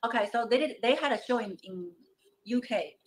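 A woman's voice: on the high side, lively intonation, brisk, slight background noise, poor audio. A woman guest talking heatedly and defensively, cutting in to tell her side. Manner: agitated, defensive, talks over others. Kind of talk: heated call-in talk.

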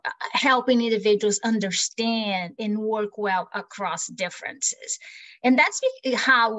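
A woman from Brazil with a Brazilian accent, giving an earnest webinar talk with many "you know" fillers. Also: mid-range voice. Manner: warm, earnest, with frequent fillers. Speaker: guest speaker. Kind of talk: webinar presentation.

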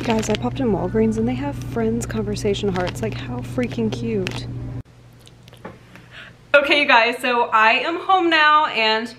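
A bubbly woman in her twenties vlogs casually from home, the car and stores using her phone, gushing and leaning heavily on "like." Her voice is a little high and unhurried, with background noise audible.

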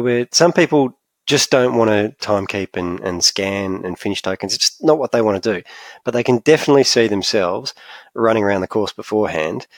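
A man's voice: lowish voice, gravelly, no echo. A man hosting a casual podcast chat in an easygoing, agreeable way. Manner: easygoing, agreeable, lots of "yeah". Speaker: podcast host.

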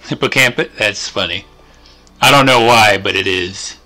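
A man's voice: lowish voice, moderate pace, bright, forceful tone, faint music behind. A man hosting his gaming channel, talking casually over gameplay and rambling with lots of fillers and trailing thoughts. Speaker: channel host.

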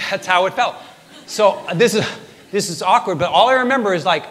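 A man giving a motivational talk on stage, telling a personal story in an animated, self-deprecating way and acting out his own lines. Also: high-pitched, measured pace, big-room sound. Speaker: motivational speaker.

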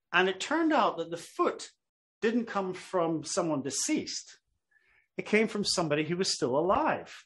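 A middle-aged male professor lecturing to a live audience. He talks in a loose, conversational way, spins a story and checks in with "okay?". His voice sits a little higher than most men's. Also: a bit bright.

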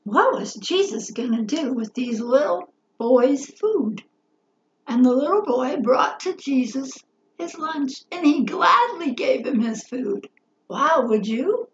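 A woman tells a Bible story to children in a high, slow, expressive voice, pausing to ask her listeners questions. Her voice rings around a roomy space. The recording sounds slightly dull. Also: a little hiss or hum. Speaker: Bible teacher.

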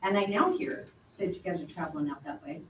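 A woman's voice: on the low side, very animated, brisk, a little hiss or hum. A middle-aged woman speaking at a public hearing, emotional and pleading, her voice rising as she gets upset. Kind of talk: public comment at a council meeting. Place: council chamber. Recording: echoey hall, mic from a distance.

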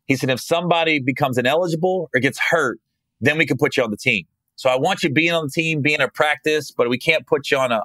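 A podcast host telling profane, animated stories from his youth in a casual way, acting out what people said. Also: on the high side, no room sound. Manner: profane, animated, acts out quotes. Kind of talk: casual storytelling.

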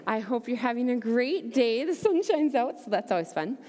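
Woman, young adult, children's ministry leader, upbeat, gentle questions, sing-song pitch, long church reverb. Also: lively intonation, moderate pace. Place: church sanctuary.

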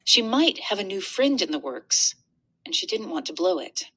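A woman reading a children's book aloud in an expressive, animated storybook narration. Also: medium pitch, normal speed, husky. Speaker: reader.

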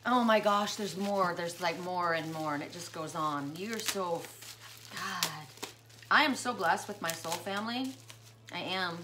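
A woman chatting excitedly as she unboxes gifts in a casual vlog, gushing over each one. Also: lowish voice, unhurried, noisy background. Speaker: spiritual vlogger unboxing gifts.

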